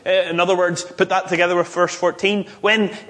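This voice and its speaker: A man's voice: sits high, little pitch movement, fairly quick, fairly bright tone. A man preaching a sermon, reading scripture aloud and explaining it with emphatic rises and frequent restarts. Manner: expository, with emphatic rising peaks and restarts.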